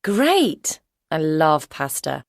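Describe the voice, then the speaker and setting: A woman voicing an everyday speaker in a scripted textbook listening dialogue, with clear, friendly delivery. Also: low voice, very animated, drawn-out words, no room sound, studio quality, heavily acted.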